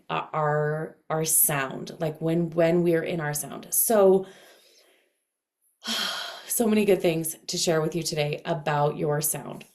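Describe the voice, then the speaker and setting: A woman teaching casually to camera in a dense, heavy voice, speaking expressively with clear inflection. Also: on the low side, darkish tone. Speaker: astrology and voice coach.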